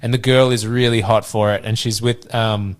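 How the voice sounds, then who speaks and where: A man's voice: fairly low pitch, steady tone, normal speed. A man hosting a podcast, recapping a film in casual chat as a joking, chatty storyteller. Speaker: podcast host.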